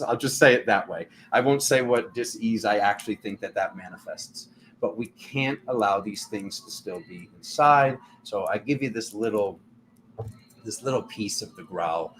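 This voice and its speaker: Man, tarot channel host, casual spiritual chat, rambling, animated, restarts often, faint hiss behind. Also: mid-range voice, normal speed.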